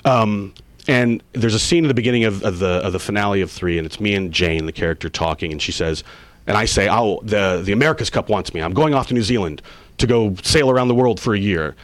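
A man in his forties, an actor being interviewed, telling stories casually and acting out quoted lines with big jumps in pitch. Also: quick pace, dry recording. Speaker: actor guest.

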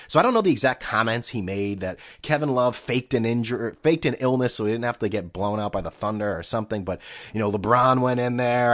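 A man rants through a solo sports podcast, sarcastic and profane, his voice leaping up and down as he goes. He mocks what he talks about with put-on voices in quick asides. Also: medium pitch, fairly bright tone. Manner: ranting, sarcastic, profane, mocking voices in quotes. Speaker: podcast host.

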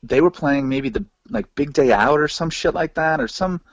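A man telling road stories as a podcast guest, animated, laughing and swearing freely. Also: a little high, normal speed, no echo. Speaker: podcast guest, former band hypeman. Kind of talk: casual storytelling interview. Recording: dull lo-fi dry recording.

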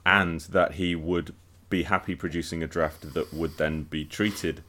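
A man with a very deep, low voice talks through a podcast discussion in a relaxed, unscripted way. He often restarts his sentences and repeats words while he gathers his thoughts. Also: measured pace. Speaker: podcast co-host.

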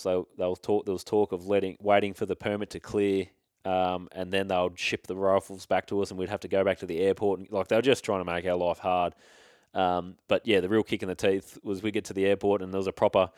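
Australian bloke, easygoing rambling storyteller; smooth voice, dry close sound. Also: male voice, deep voice, darkish tone, dry recording. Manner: laid-back, rambling, frequent restarts and slang. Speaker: hunting guest. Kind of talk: casual storytelling chat.

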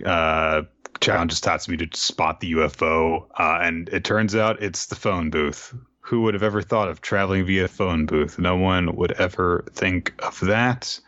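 A man casually recapping an anime episode as a podcast co-host, rambling with fillers and quick asides. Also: deep voice, a bit bright, no room sound, highs cut off. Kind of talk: casual chat.

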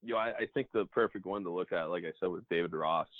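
Male ballplayer, deep voice, animated anecdotes, interview over a thin phone-quality line. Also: quick pace, no echo. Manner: animated anecdotes, acts out dialogue. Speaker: professional baseball player. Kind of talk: casual storytelling interview.

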